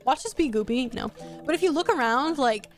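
Female streamer, high-ish voice, excitable and sweary casual game commentary over faint music. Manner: excitable, swears, quick exclamations.

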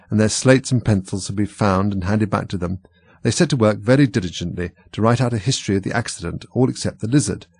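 A man reading a storybook aloud, expressive. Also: on the low side, vocal fry, slightly rough, dry recording. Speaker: narrator.

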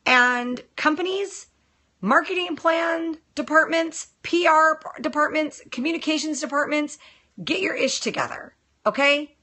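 Woman, nail tech livestream host, casual chat, blunt, exasperated, forceful bright tone. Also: sits high, unhurried. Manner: blunt and exasperated, addresses viewers and comments directly. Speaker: nail technician hosting a live broadcast. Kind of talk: casual live-stream chat.

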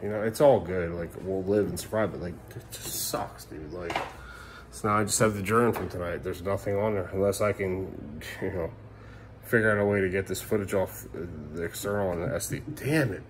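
Recorded on a camera mic, this thirty-something dad vlogs from home at night in a casual, emotional way, cursing and using fillers as he talks to the camera. He has a low, steady voice at a fairly quick pace, with slight background noise.

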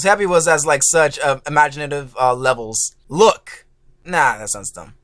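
A man doing let's play commentary as a gaming YouTuber, excitable and swearing, yelling at the game and groaning when he fails. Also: a little high, no room sound, studio quality. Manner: groaning frustration at failures.

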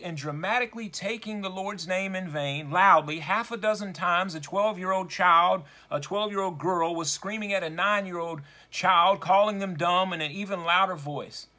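A man preaches a sermon in a bright, high, ringing voice, taking his time and hammering each point home with dramatic emphasis.

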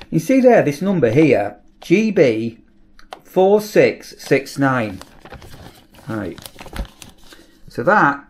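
A middle-aged British man chats away in a loose, rambling vlog, putting questions to his viewers and stumbling over repeated words. His voice sits a touch high for a man and swings widely up and down as he talks. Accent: British English. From United Kingdom. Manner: chatty, asks viewers questions, repeats words when restarting. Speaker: vlogger, campsite warden.

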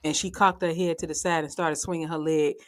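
A woman's voice: low voice, fairly even intonation, a little fast. A woman giving casual, sassy recap commentary on a reality show, swearing freely, often laughing and talking straight to her viewers. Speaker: reality TV reviewer.

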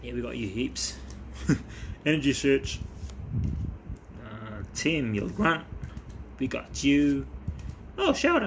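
A man talking casually as a vlogger while opening trading cards, excitable and chatty with quick bursts of delight. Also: medium pitch, gravelly, a little hiss or hum. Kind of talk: casual chat.

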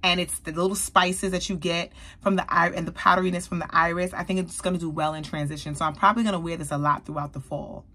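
A woman beauty vlogger, likely in her thirties, reviewing a perfume in an animated, chatty way and talking straight to her viewers. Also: lowish voice, fast talker, few pauses. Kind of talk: casual product review.

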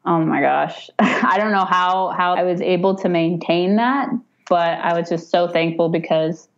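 A woman in her thirties tells a personal story in a relaxed, chatty way. Her voice sits a little low, and she often breaks into lively quoted voices. The audio sounds dull and lo-fi. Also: unhurried. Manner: animated, acts out quoted voices with raised pitch, frequent fillers and laughs. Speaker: podcast guest telling her birth story. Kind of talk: casual storytelling.

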